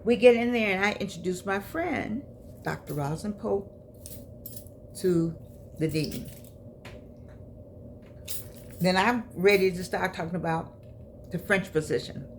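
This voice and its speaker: Gravelly-voiced woman in her eighties, storytelling. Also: medium pitch, moderate pace, slight background noise. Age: 80s. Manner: lively, chatty storytelling with laughs and direct asides. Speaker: memoir vlogger. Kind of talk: personal storytelling.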